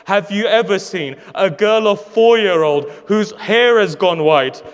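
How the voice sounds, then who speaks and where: Guy preaching and doing a little girl crying to her dad, high voice, big echoey hall. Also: a little slow. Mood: pleading. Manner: tearful, pleading, repetitive calls to her father. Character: grieving four-year-old girl pleading with her dead father. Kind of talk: sermon storytelling. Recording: long hall reverb.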